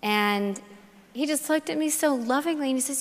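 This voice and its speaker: A woman's voice: high-pitched, moderate pace. Earnest woman speaking in a reverberant hall. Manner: earnest storytelling with repeated phrases; acts out dialogue in quoted voices. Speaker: conference speaker. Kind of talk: personal faith testimony talk.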